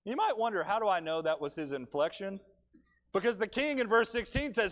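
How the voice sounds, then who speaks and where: A male preacher delivering a sermon in church, telling the story with animated, dry humor. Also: sits high, moderate pace.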